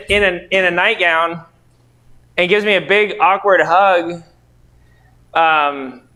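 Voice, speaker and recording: A man's voice: high voice, pushed and bright. A middle-aged man, a real estate investor and trainer, telling rambling anecdotes full of quoted dialogue to a training group. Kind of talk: casual storytelling to a training group.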